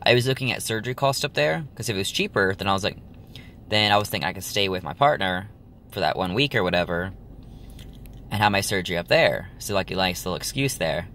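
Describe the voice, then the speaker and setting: Rambling young man, low voice. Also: lively intonation, fast talker, bright, forceful tone, a little hiss or hum. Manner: rambling, full of ums and likes. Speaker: vlogger. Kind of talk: casual chat to camera.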